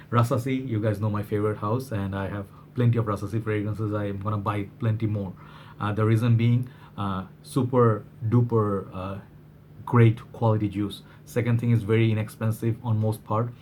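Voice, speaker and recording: A man from Bangladesh talks through a fragrance review in a loose, rambling way, full of fillers and restarts. His voice sits on the low side and sounds a little worn. There is a faint hum of room ambience behind him. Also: steady tone, moderate pace, darkish tone. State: slightly worn voice. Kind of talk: casual product review vlog.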